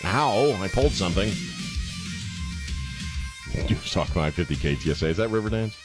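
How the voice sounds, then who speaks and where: A man's voice: low voice, very animated, moderate pace, music in the background. A man hosting a talk radio show, blunt and joking, mixing banter with callers and the news. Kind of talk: talk radio monologue and call-in.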